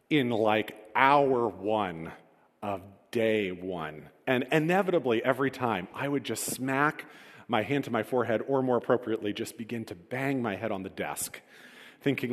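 Guy giving a sermon, chatty and jokey about himself, medium voice, big echoey hall. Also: mid-range voice. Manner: conversational, self-deprecating storytelling. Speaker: pastor. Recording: reverberant hall.

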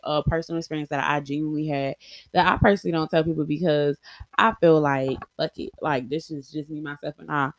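A woman's voice: low voice, no room sound. Blunt, profane young woman vlogger. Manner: blunt, heavily profane, acts out quotes. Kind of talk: candid personal storytelling.

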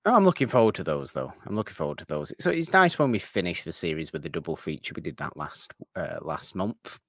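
A man's voice: low-pitched, sing-song, brisk, fairly bright tone, no room sound, studio quality. A man co-hosting a podcast in casual chat, wordy and mock-formal, teasing his co-host.

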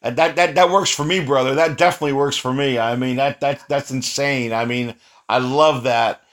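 A man's voice: mid-range voice, steady tone, normal speed, fairly bright tone. A male interview host with an ordinary mid-range voice. He praises his guest with effusive enthusiasm in a casual chat.

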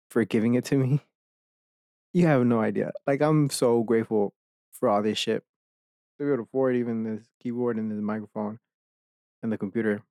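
A man's voice: mid-range voice, warm tone, no room sound. Loose, swearing guy chatting at his desk. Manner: rambling, swears often, laughs mid-sentence. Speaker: podcast host. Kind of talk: casual solo podcast chat. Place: home desk setup. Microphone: desk microphone.

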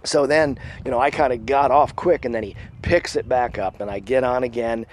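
A man telling a long story in casual talk. He acts out the voices of the people in it and drops to a hush at the tense moments. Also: mid-range voice, fairly even intonation, moderate pace, slight background noise.

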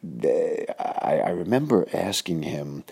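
A man's voice: low voice, expressive, slow pace, vocal fry, warm tone, breathy edge. A man, telling a rambling podcast story full of fillers and restarts. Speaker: podcast host. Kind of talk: casual storytelling monologue.

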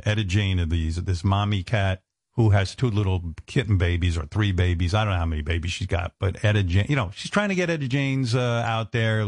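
A man's voice: fairly low pitch, darkish tone, no room sound, clean studio sound. Blunt, profane man on radio. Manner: blunt and profane, self-deprecating. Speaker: radio show host. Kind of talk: candid on-air talk.

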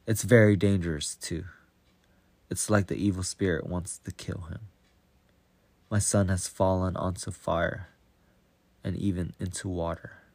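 A man's voice: sits low, steady tone, unhurried, pauses often, a little mellow, no room sound. A man reading as an anxious pleading father. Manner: pleading, distressed.

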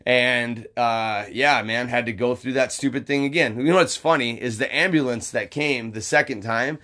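A man's voice: medium pitch, normal speed, pushed and bright. A young man chatting casually on a podcast, rambling with lots of fillers, restarts and swearing. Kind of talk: casual storytelling chat.

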